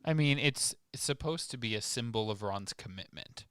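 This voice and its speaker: Smooth-voiced man hosting a book podcast. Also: mid-range voice, expressive, moderate pace, fairly bright tone, no room sound, studio quality. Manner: jokey, riffs with goofy bits. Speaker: podcast co-host. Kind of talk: casual book-discussion chat.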